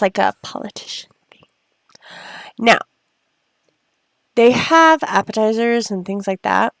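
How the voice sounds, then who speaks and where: Lively slow-talking woman playing a game. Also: a little high, creaky, no echo, clean studio sound. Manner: chatty, talks to her sims and viewers. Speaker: gameplay narrator. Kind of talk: casual gameplay commentary. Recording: faint background music.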